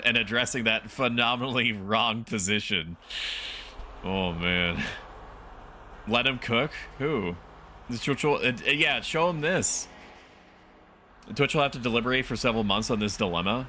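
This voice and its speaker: A man's voice: mid-range voice, animated, sharp tone, a little hiss or hum. A man live-streaming a game, rambling and joking between scenes. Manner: rambling, joking, quick asides. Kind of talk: live gameplay commentary.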